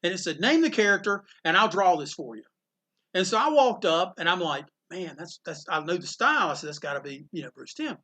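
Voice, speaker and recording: Animated high-voiced man telling stories. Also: fairly quick. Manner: animated anecdotes with acted-out quotes. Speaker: comic shop owner. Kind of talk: casual storytelling interview. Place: inside his comic shop.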